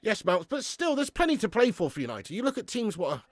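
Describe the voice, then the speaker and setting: A man hosting a live football watch-along, swearing freely, getting excited and reading out viewer comments. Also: sits high, fast, no echo, studio quality. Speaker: fan channel host.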